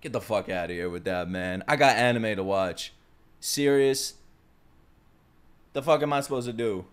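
A man's voice: fairly low pitch, moderate pace, clean tone. A young man with a New York accent, ranting heatedly and profanely in a vlog. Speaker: YouTuber.

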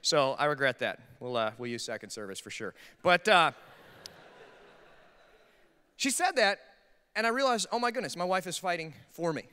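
A man's voice: a little high, lively intonation, a little fast, sharp tone, clear, resonant tone, big-room sound. A man preaching a sermon as pastor, telling humorous, self-deprecating stories about married life. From Minnesota. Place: church sanctuary.

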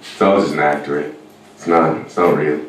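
An Irish man doing a rambling, deadpan stand-up routine in a comedy club, breaking into sudden shouts and yelps. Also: rumbling low, moderate pace, a little hiss or hum. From Ireland. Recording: echoey club, mic heard from a distance.

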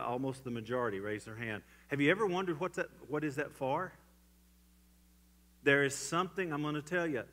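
Bright-voiced preaching pastor, man. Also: mid-range voice. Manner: preaching with dramatic swings between loud and hushed. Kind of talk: sermon. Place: church sanctuary.

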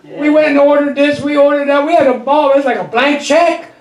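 Middle-aged male pastor with a very high-pitched voice, folksy, chuckling storyteller, echoey church room. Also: steady tone, fairly quick. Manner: call-and-response with the congregation. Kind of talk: sermon.

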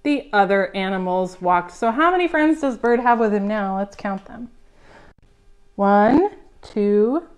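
A woman reading a picture book aloud at a preschool storytime, gently coaxing the children with questions. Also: mid-range voice, lively intonation, a little slow. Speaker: children's librarian.

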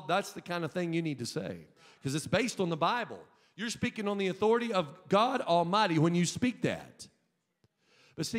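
A man preaching as a pastor in a church, emphatic and calling for the congregation to repeat after him, sometimes rising to a shout. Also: sits high. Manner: emphatic, call-and-response preaching, at times shouting. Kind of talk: sermon. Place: church sanctuary. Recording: long hall reverb.

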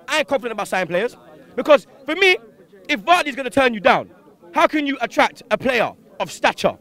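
High-voiced young man ranting angrily. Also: very animated, fairly quick, fairly bright tone. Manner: heated, swearing, slang-heavy, rhetorical questions. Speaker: fan interviewee. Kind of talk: angry post-match fan rant. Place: outdoors on a city street after a match.

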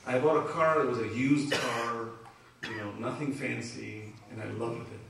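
A man's voice: medium pitch, moderate pace, gravelly. A man giving an emotional religious talk in a community hall, telling personal stories with laughter. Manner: emotional, animated storytelling with laughter. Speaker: Islamic speaker. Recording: echoey hall, speaker far from mic, faint noise.

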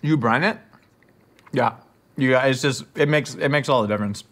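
A man's voice: medium pitch, moderate pace, fairly bright tone. A man in the middle of his range rambles through awkward dinner-table small talk. He trips over fillers and restarts and drifts from topic to topic, with no note of any recording fault. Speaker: host. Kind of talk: scripted comedy monologue to camera.

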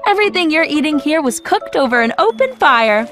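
A woman's voice: sits high, big pitch swings, fairly quick, fairly bright tone, soft background music, voice pushed up. A woman voicing a cheerful mother explaining pioneer cooking in a children's storybook. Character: cheerful pioneer mom giving a talk. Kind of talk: storybook character voice.

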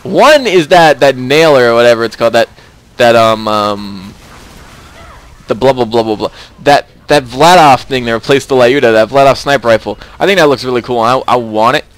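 A man's voice: mid-range voice, normal speed. A young man hosting a casual game commentary, chatty and rambling, often repeating himself. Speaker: let's play host.

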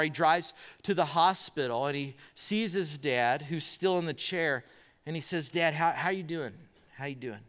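A male pastor delivers a sermon, slowing into stories and stacking up rhetorical questions for the congregation. His voice sits a little high for a man and carries a long reverb from the church hall. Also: a bit bright. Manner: storytelling with pauses and rhetorical questions. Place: church auditorium.

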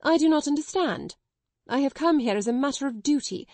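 A woman's voice: expressive, brisk, a little mellow, no echo. A woman reading an audiobook, voicing a stern, haughty schoolmistress who speaks with rigid politeness and rising indignation. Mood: indignant. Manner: indignant, rigidly polite, shrill when shocked.

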